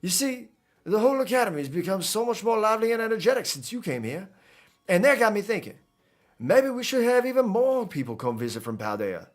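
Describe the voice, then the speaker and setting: A man voicing an eager, flattering male academy director in an attempted Creole drawl while reading game dialogue aloud. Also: medium pitch, fairly quick, hardly any pauses.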